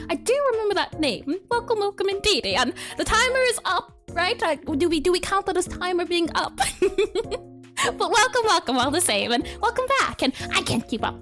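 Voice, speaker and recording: Very high-voiced, chatty streamer woman. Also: fairly bright tone. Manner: chatty, reads chat aloud, spells out words, laughs often. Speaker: game developer streaming live. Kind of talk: casual live-stream chat.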